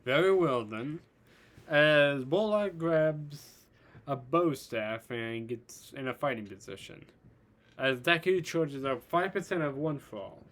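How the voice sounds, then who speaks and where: Man narrating a fan story, slow, halting, fairly high voice. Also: lively intonation, fairly bright tone.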